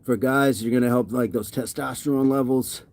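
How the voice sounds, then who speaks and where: His voice is medium-pitched and a little mellow, with fairly even intonation and a moderate pace. He's a fitness streamer broadcasting a workout, winded and sweaty, reading viewer comments out loud and often saying things twice.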